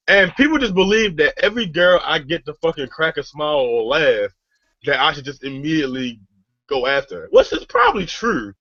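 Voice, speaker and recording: A man's voice: on the high side, fairly bright tone, no room sound, dull audio. A young man telling a story in casual podcast chat, rambling and swearing, often restarting his sentences.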